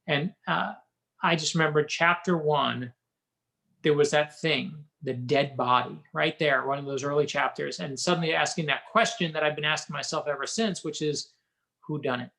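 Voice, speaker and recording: Middle-aged male author, lively anecdotal interview guest, voice on the higher side. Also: moderate pace, creaky. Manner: animated anecdotal storytelling. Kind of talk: interview storytelling.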